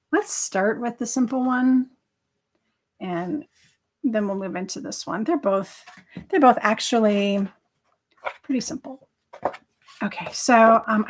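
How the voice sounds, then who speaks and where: A woman hosting a live craft stream, chatting casually and enthusiastically as she demonstrates, rambling with many fillers. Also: medium pitch. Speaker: craft livestream host.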